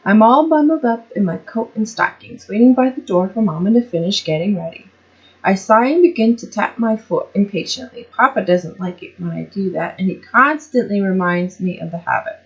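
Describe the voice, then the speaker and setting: A woman's voice: mid-range voice, animated, moderate pace. A woman reading her own first-person story aloud, tripping over words and restarting lines, in a slightly muffled recording. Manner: stumbles and restarts often, comments on her own slips. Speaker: amateur storyteller.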